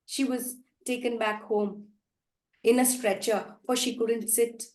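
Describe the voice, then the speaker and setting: A woman's voice: a little high, steady tone, slow pace. Dramatic woman storyteller. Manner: dramatic, swinging between loud outbursts and hushed lines. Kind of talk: live storytelling performance. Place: festival storytelling venue. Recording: echoey room, live performance.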